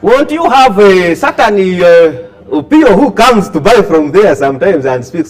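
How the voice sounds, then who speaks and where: A Ugandan man with a high, swooping voice talks to a workshop of young writers. He acts out little scenes and keeps pulling the audience in with questions. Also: a little slow, hardly any pauses. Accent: Ugandan English. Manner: lively, asks the audience questions, acts out dialogue. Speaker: scriptwriter and workshop speaker. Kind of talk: animated talk to an audience.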